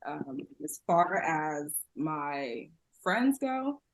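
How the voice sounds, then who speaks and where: A woman's voice: low voice, very animated, drawn-out words. A woman from San Diego, a podcast guest, talking casually and openly with frequent laughs and fillers. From San Diego, USA. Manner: chatty, laughs often, many fillers. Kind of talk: casual interview conversation.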